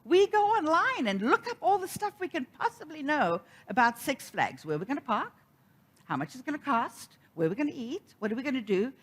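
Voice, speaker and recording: Middle-aged woman preacher, animated storyteller with a lively, swooping delivery. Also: high voice, brisk. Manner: storytelling, animated, acts out quoted voices. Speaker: minister. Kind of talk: sermon.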